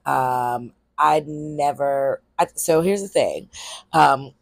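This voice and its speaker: A comedian from Harrisburg, Pennsylvania, US, hosts her own podcast as a casual solo monologue, speaking candidly and loosely with plenty of ums and casual cursing. Her voice is rumbling low, slow, and creaky, with no echo.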